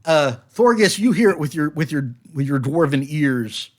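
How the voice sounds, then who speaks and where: A man narrating as game master of a tabletop game, slow and hesitant with many fillers. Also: on the high side, expressive.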